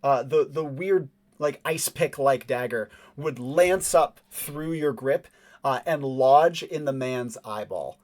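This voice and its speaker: A man runs a tabletop game and describes each scene out loud. His voice sits at an ordinary middle pitch. He keeps a casual flow with filler words. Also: takes it slowly. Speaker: game master.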